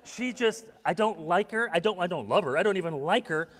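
A man preaching a sermon as pastor, telling stories with acted-out quotes and swinging between hushed and loud. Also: high-pitched, expressive, fairly quick, long reverb tail. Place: church sanctuary.

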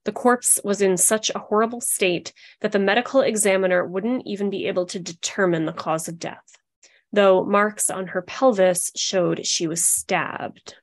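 A woman's voice: mid-range voice, fairly even intonation, moderate pace. A woman co-hosting a podcast, telling a true-crime story in a sarcastic, disgusted way. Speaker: podcast co-host.

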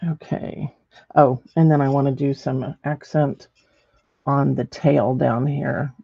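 Gravelly middle-aged woman instructor, chatty demo host, dry muffled recording. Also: rumbling low, flat delivery, takes it slowly, dark tone, dry recording. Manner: chatty, thinks aloud while working, many ums. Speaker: ceramics painting instructor. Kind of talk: live painting demonstration.

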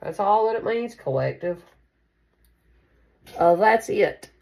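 A woman's voice: mid-range voice, lively intonation, slow, gravelly, a little mellow. A woman giving a casual tarot reading to camera, chatty and affectionate, calling her listeners baby. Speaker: tarot card reader.

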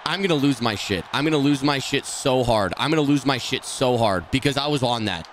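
A man streaming a football video game, talking through each play and often swearing and yelling at the game in frustration. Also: medium pitch, expressive, brisk, a little hiss or hum. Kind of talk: live gameplay commentary.

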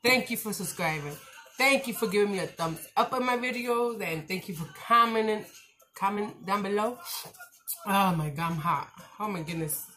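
Woman vlogger, casual rambling chat, slangy and animated, faint music behind. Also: mid-range voice, moderate pace. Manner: rambling, talkative, animated and excitable; slangy, direct, says "y'all" and "your girl".

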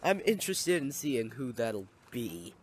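A man's voice: medium pitch, sing-song, unhurried, noisy background. A young man giving casual, playful gameplay commentary, exclaiming at and scolding the little villagers in his game.

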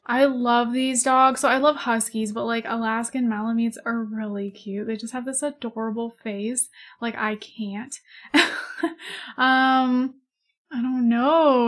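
A young woman in her twenties chatting casually over gameplay, rambling, giggling and gushing over cute animals. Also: fairly high pitch. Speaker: gaming YouTuber. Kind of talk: casual let's-play chat.

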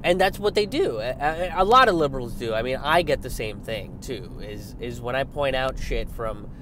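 A young man giving a casual political rant, animated and sarcastic, swearing often and mocking his opponents. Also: mid-range voice, normal speed, slight background noise. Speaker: political commentator. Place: outdoors by a road with passing traffic.

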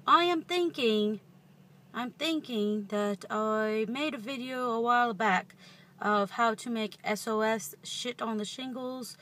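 Girl in her 20s doing a goofy fake british accent, kinda high and bright, chatty vlog in her car. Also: moderate pace. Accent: put-on British accent. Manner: playful, rambling, self-amused. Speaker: vlogger. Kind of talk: casual vlog chat. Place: inside a parked car. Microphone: handheld camera close up.

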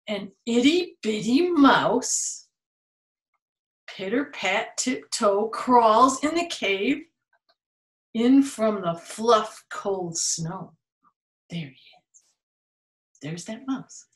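A woman reading a children's picture book aloud at a very slow, patient pace. Her voice sits at a middle pitch. She plays up the animal sounds and turns to her young listeners, and the room has a noticeable echo. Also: very animated. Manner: playful, adds animal sounds and asides to the listeners. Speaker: storytime reader. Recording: roomy echo.

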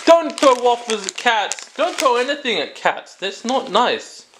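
A man hosting a comic product-review vlog, rambling with jokey asides and quick self-corrections. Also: extremely high pitch, sing-song, noisy background.

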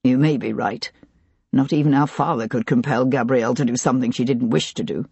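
Grieving, desperate gentleman in his thirties, husky and halting. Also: mid-range voice, steady tone, dry recording, lo-fi sound, voice pushed down. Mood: subdued. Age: 30s. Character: grieving young gentleman, brother of missing woman. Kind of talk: audiobook character reading.

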